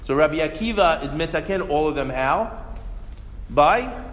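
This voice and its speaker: A man's voice: fairly high pitch, lively intonation, normal speed, fairly bright tone. A man teaching a religious class, telling stories animatedly and asking rhetorical questions. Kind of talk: Torah class lecture. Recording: echoey hall reverb.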